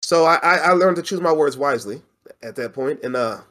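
Animated slangy man telling a story. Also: on the high side, brisk. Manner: animated storyteller, laughs often, relaxed slangy talk. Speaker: podcast co-host. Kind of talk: casual chat.

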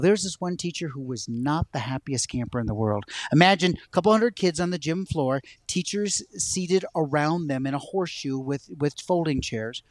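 A man telling a personal story as a guest on a talk show, an animated storyteller. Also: fairly high pitch, dry recording. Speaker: guest, science educator. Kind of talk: storytelling in a conversation.

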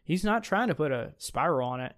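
A man's voice: fairly high pitch, lively intonation, fairly quick, a bit bright. Chatty young man talking college football. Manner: chatty, enthusiastic, with many fillers. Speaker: podcast co-host. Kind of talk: casual sports chat.

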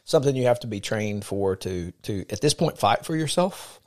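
A man's voice: on the low side, animated, moderate pace, a little mellow. A man co-hosting a podcast, mixing casual chat with earnest faith teaching, with frequent fillers. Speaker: podcast co-host.

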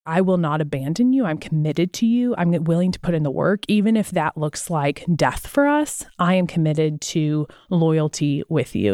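A woman's voice: lowish voice, dark tone, no echo, clean studio sound. A woman co-hosting a casual faith podcast, talking earnestly and at length, retelling Bible stories with quoted lines. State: out of breath. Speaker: podcast co-host.

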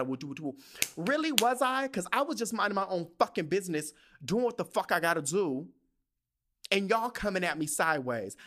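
A man's voice: high-pitched, a bit bright. A young adult man hosting a podcast, venting in a heated, profane and story-driven casual monologue. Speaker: podcast host.

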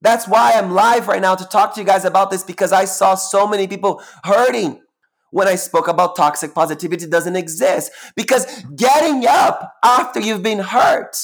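A man's voice: high voice, steady tone, brisk, vocal fry. Sassy, emphatic man preaching live. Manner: repeats phrases for emphasis. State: close to tears at times. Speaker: spiritual teacher, host. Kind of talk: live-streamed solo talk.

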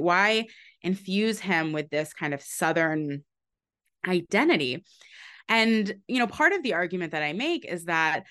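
A woman author being interviewed, explaining her book in a relaxed, conversational way with frequent ums and restarts. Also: lowish voice.

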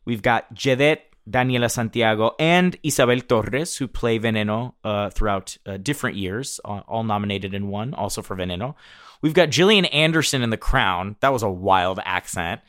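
A man's voice: on the low side, moderate pace, a bit bright. A man hosting a casual chat, reading out lists of nominees and laughing often. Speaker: host.

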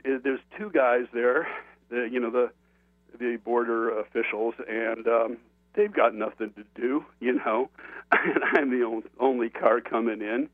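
A man spins an animated, conversational anecdote as an author and guest. His mid-pitched voice comes through a dry, tinny phone line. Nothing of a room is heard around him. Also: dry recording. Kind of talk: casual anecdote telling.

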